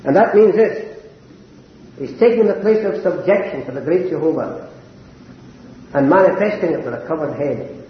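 Earnest and rising to impassioned heights, an older man preaches a sermon in a fairly high voice. The sound is lo-fi, dull, and roomy, with noticeable echo.

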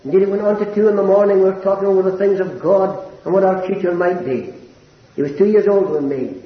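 An elderly preacher delivers a sermon in a fairly high voice, earnest and building to impassioned peaks. The recording is roomy and dull, with a lo-fi, echoing feel. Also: male voice, fast talker. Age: older.

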